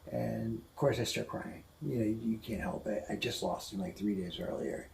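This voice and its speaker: A man, a guest on the show, telling an emotional personal story indoors, halting and repeating himself when upset. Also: lowish voice, creaky, slight background noise, poor audio. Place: indoors at a house museum.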